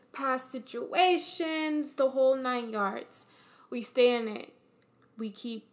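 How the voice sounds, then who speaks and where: A woman's voice: a little high, fairly bright tone. Earnest woman giving a motivational talk. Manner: earnest, encouraging, repeats key phrases with fillers. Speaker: podcast host. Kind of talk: motivational monologue.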